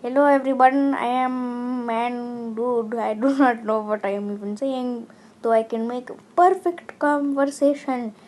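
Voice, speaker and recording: A woman's voice: on the high side, steady tone, a little slow, a little mellow, lightly acted. A woman putting on a goofy, confused man with an exaggerated Indian accent. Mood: silly. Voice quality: exaggerated, sing-song put-on accent.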